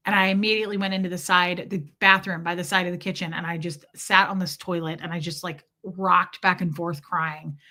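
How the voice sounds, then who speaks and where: Bright-voiced woman telling a personal story. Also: on the low side, flat delivery, fairly quick, few pauses. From Kansas City, USA. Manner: candid, emotional, lots of "like" fillers. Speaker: podcast host.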